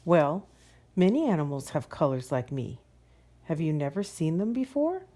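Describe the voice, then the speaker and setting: A woman's voice: low voice, very animated, normal speed, mellow. A woman voicing a kind, helpful male butterfly in a storybook, speaking in a cheerful, welcoming way. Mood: friendly.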